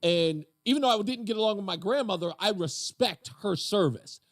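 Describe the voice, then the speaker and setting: A man's voice: high-pitched, expressive, normal speed, no room sound. A man hosting a call-in radio talk show, chatting casually and telling stories with frequent laughs. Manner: chatty storyteller, laughs often.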